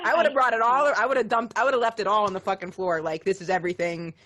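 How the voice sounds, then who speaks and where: Profane, animated woman podcast host. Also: mid-range voice, quick pace, a little hiss or hum. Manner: profane, animated, rambling asides. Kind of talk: casual podcast interview.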